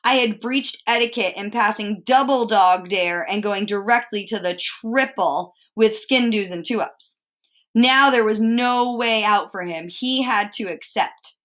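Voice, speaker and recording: Woman, teacher, storybook read-aloud, expressive, asks the children questions. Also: mid-range voice. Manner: expressive, pauses to ask listeners questions. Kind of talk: reading a picture book aloud to children.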